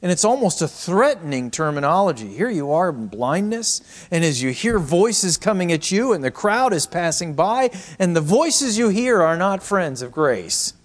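Higher-pitched man preaching with dramatic swings. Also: sing-song, normal speed, hardly any pauses. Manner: dramatic preaching, swinging from raised cries to hushed near-whispers. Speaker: pastor. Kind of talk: sermon.

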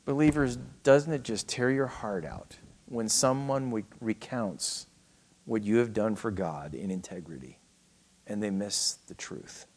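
Dramatic male preacher, loud to hushed. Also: on the low side, lively intonation, unhurried. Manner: dramatic, acts out quoted lines, swings from loud to hushed. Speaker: pastor. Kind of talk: expository sermon.

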